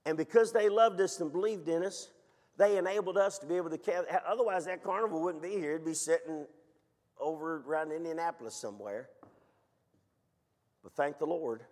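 Folksy preacher, hall echo. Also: male voice, on the high side. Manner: folksy, excitable, rising to loud emphatic peaks. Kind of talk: storytelling sermon. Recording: long hall reverb.

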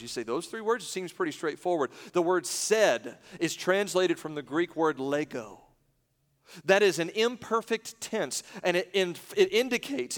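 A man preaching a sermon, pitched a little high, who swings between raised, driving emphasis and near-hushed quiet. His voice rings out into a big, reverberant hall. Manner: dramatic, swings from loud to hushed. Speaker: pastor.

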